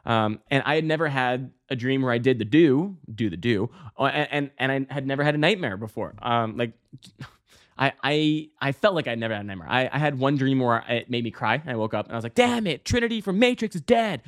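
Male podcast host, mid-pitched, rambling casual storyteller, swears freely, yelps high when acting out scenes. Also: fairly quick, fairly bright tone. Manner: rambling, many fillers and restarts, swearing.

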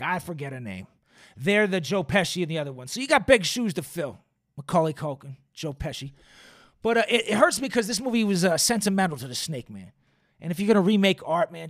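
A man's voice: high-pitched, no echo, studio quality. A man in his forties hosting a solo podcast, ranting in a profane, sarcastic, wry way. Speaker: podcast host.

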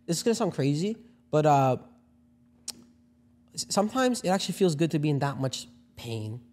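A young man in his twenties co-hosting a podcast, telling stories fast and laughing, with lots of restarts. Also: fairly high pitch, sing-song, darkish tone. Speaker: podcast co-host. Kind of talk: casual podcast chat.

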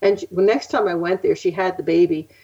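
A woman's voice: fairly low pitch, steady tone, fast talker, mellow. An older woman, a psychic guest, telling stories in a casual interview, chatty and laughing often. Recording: muffled lo-fi audio.

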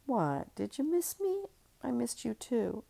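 A woman voicing an overwrought young mother who flares up into shrill outbursts, read from her own novel. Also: big pitch swings, slow, creaky, dark tone, full character voice. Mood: dreamy.

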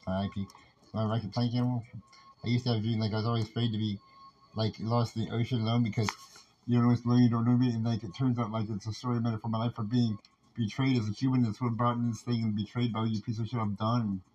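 A man's voice: medium pitch, level tone, fast, a little mellow. A man delivering a rambling, agitated, profanity-filled monologue as a podcast host, talking in long runs broken by constant fillers. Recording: muffled lo-fi recording with faint background noise.

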